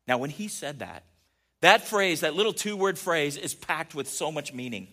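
Man, pastor, conversational sermon, fairly high voice, animated, soft asides then emphatic peaks. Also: moderate pace. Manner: animated, asks the audience questions, swings between soft asides and emphatic peaks.

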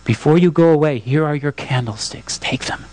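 A man's voice: fairly high pitch, moderate pace, darkish tone, lightly acted. A man voicing a kindly old bishop while reading a story aloud in a sermon, in a mild, patient way. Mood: solemn.

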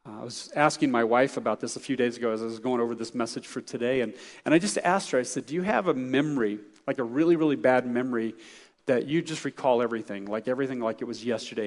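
A man's voice: mid-range voice, quick pace, a little mellow. Middle-aged male pastor, conversational sermon, storytelling, fillers and restarts, long hall reverb.

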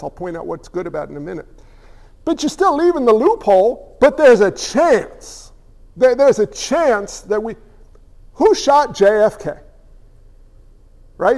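A man preaching a sermon as pastor, animated and acting out little voices along the way. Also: high-pitched, long reverb tail.

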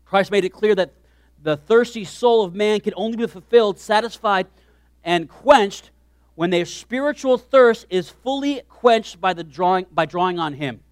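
A man preaching a sermon as pastor, animated, swinging from hushed asides to shouted lines. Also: high voice, moderate pace, clear, resonant tone, dry recording, clean studio sound.

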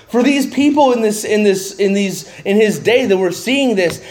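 A man preaching a verse-by-verse sermon in a conversational way, getting animated when he paraphrases. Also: high voice, moderate pace, hardly any pauses. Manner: conversational, rising excitedly when paraphrasing Jesus. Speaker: pastor. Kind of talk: expository sermon.

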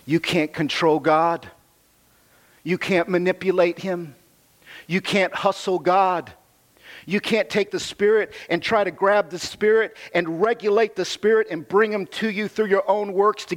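A man delivers a sermon from the pulpit. His voice sits a bit high for a man. He moves between reading scripture aloud and explaining it in a chatty way, restating phrases to drive his point home. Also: fairly even intonation, measured pace. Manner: conversational preaching with scripture reading, repeats himself for emphasis. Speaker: pastor.

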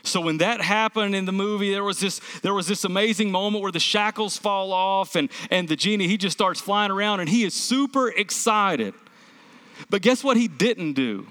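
Emphatic preaching man, high voice. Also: moderate pace, a bit bright, long reverb tail. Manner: emphatic preaching with rhetorical questions. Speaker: pastor. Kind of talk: sermon.

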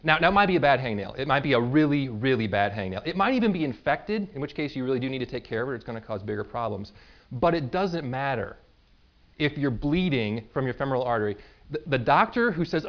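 A man preaching a sermon in a conversational way, explaining with everyday examples and quick asides. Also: medium pitch, lively intonation, lo-fi sound. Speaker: pastor.

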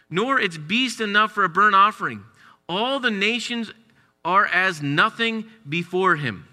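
A middle-aged man preaching a sermon, telling stories and rising in pitch for emphasis. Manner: storytelling, animated, rises for emphasis. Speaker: pastor. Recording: reverberant hall.

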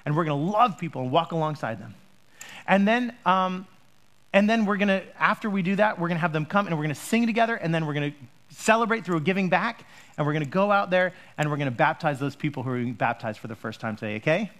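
Animated high-voiced male pastor. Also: fast talker. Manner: chatty, joking, animated. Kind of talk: sermon. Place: church.

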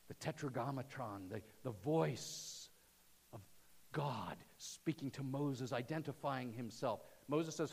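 A man preaching a sermon to his church, swinging from loud emphasis to hushed near-whispers. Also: mid-range voice, slow pace, vocal fry, breathy edge, long reverb tail. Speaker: pastor. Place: church sanctuary.

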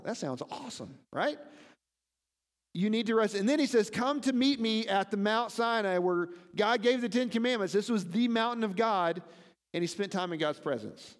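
A man preaching a sermon as pastor, animated and often asking his listeners questions. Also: high-pitched, moderate pace, big-room sound. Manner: animated, asks the congregation questions.

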